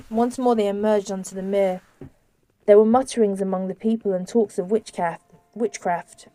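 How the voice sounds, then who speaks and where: Mellow woman narrating an audiobook. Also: mid-range voice, no echo. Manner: measured, steady storytelling.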